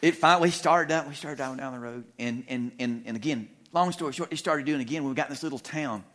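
A middle-aged man preaching in a church, telling a humorous story with animated, self-deprecating delivery and frequent chuckles. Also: medium pitch, fast talker. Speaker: guest preacher. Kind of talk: storytelling sermon. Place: church sanctuary.

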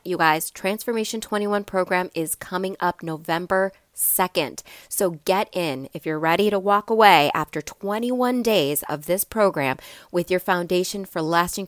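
A woman in her thirties hosting a motivational podcast, with a stuffy, slightly raspy voice and an encouraging way of talking straight to her listeners. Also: fairly low pitch, dry recording, clean studio sound. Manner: warm encouraging, addresses listeners directly. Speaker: podcast host.

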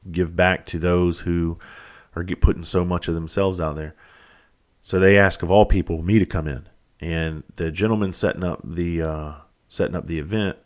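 A middle-aged man with a blunt manner, hosting a podcast and telling stories casually, swearing freely and restarting his sentences. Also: low voice. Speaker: podcast host. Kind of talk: casual storytelling.

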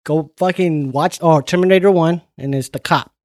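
A man's voice: on the high side, moderate pace, dry recording, clean studio sound. A man co-hosting a casual chat in a laid-back, profane way, often saying "man". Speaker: podcast co-host.

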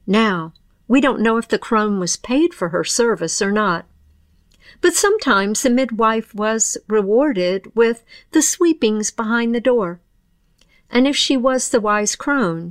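A woman storyteller with a mid-pitched voice who tells an old folk tale in a measured, old-fashioned way. Her narration is recorded close and dry. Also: dry recording. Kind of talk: storytelling narration, then reflective commentary.

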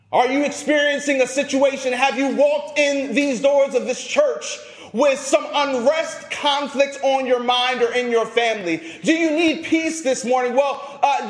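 A male pastor preaching a sermon, emphatic, rising to loud peaks and dropping low at phrase ends, often repeating words as he restarts. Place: church sanctuary. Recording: echoey church sanctuary.

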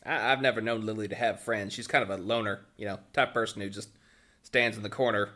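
A man's voice: on the low side, fairly even intonation, fast, sharp tone. A man narrating as game master on a tabletop game podcast, joking and rambling with restarts.

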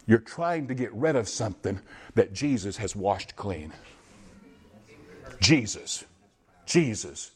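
A man preaching a sermon in a church on a microphone, swinging from high, loud passages to low, quiet asides, his voice going hoarse. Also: animated, slow, long pauses. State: losing his voice. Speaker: pastor. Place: church sanctuary. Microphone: handheld or stage microphone.

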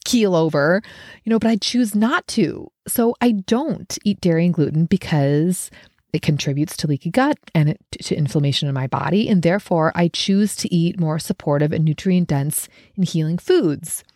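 A woman's voice: on the low side, normal speed, a little mellow, no echo, clean studio sound. A woman hosting a solo podcast, talking in a reflective, conversational way with many fillers. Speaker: podcast host. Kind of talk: casual solo podcast talk.

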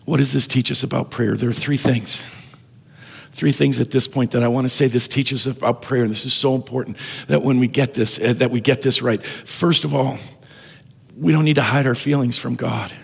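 Gravelly, husky-voiced male preacher. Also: mid-range voice, fairly even intonation, moderate pace. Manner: conversational, repeats words and restarts often. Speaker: pastor. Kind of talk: sermon. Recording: long hall reverb.

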